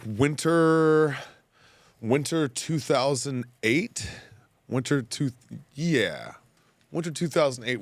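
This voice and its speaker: A man's voice: lowish voice, no room sound. A man casually telling a loose, profane story on a podcast. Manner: loose, profane, laughing asides.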